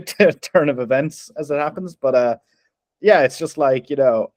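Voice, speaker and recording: A young man with an Irish accent chats through a film review, laughing easily and tripping over his own restarts. His voice sits at an ordinary middle pitch. The sound is dry and close, with no room around it. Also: moderate pace, darkish tone, no echo. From Ireland. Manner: chatty, laughs often, many restarts. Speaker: podcast co-host. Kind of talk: casual film review chat.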